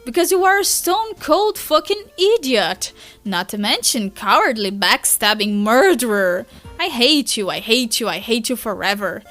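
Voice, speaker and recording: A woman voicing a hot-tempered teenage troll boy who snaps and swears loudly while reading a webcomic aloud. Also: fairly high pitch, very animated, a little slow, soft background music. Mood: furious.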